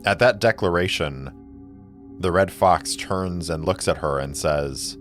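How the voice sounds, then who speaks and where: A man narrating a solo tabletop game, describing scenes slowly and deliberately. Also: very deep voice, soft background music.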